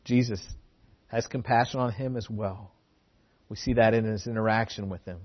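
A man's voice: on the low side, steady tone, moderate pace, muffled recording. A man preaching a sermon, earnest, often repeating words for emphasis.

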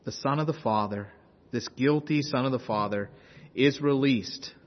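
A male pastor delivers an impassioned sermon, rising to urgent loud passages and dropping to hushed intensity. His voice is a little husky, and it rings with long reverb in a large room. The recording sounds dull and muffled. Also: medium pitch, normal speed.

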